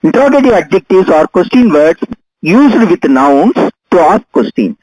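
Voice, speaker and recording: An older man gives a grammar lesson in a high, lively voice that swoops up and down. He talks patiently and goes over each example slowly. The sound is dry and close. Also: breathy edge, no room sound, poor audio. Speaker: English teacher.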